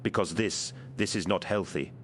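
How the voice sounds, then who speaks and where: Frantic, urgent male artist, played by a deep-voiced narrator pitching his voice up. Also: normal speed, fairly bright tone, faint music behind. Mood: earnest. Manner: exasperated, urgent, raised pitch.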